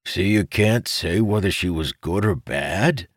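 A man's voice: deep voice, lively intonation, a little slow, no room sound, voice pushed up. Man voicing a teasing male necromancer, smug, gossipy, audiobook, dry. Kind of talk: audiobook character voice.

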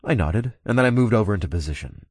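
Guy reading a first-person audiobook, lowish voice, easygoing and a little amused, dry studio mic. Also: lively intonation, fast talker, darkish tone, breathy edge, dry recording. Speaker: audiobook narrator. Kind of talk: first-person scripted narration.

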